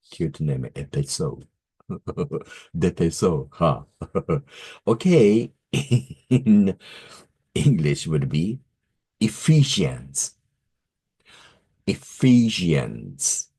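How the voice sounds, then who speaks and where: A man giving a language lesson, speaking slowly and carefully, repeating words, correcting himself and chuckling now and then. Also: deep voice, animated, dark tone, slightly rough. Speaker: teacher.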